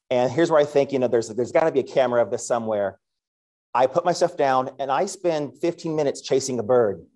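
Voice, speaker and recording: A man in his thirties, a school principal, giving a devotional message through an animated, self-deprecating story. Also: medium pitch. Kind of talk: storytelling sermon.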